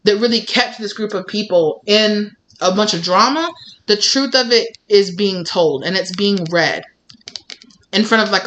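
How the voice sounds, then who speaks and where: A woman's voice: mid-range voice, a bit bright, a little hiss or hum. Rambling woman reading tarot. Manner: rambling, many fillers like "like" and "you know". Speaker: tarot reader. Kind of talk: casual tarot reading to viewers.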